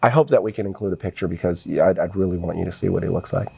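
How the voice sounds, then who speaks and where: A man's voice: low voice, very fast, vocal fry, a little mellow, breathy edge. A middle-aged man, a podcast guest, talking earnestly and with some emotion about his family in a casual interview.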